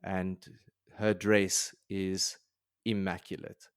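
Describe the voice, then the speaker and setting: A man's voice: sits low, level tone, slow, clean tone, no room sound, clean studio sound. A man co-hosting a casual book podcast, retelling chapters in a rambling way with frequent restarts. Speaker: podcast co-host. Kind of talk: casual book-club chat.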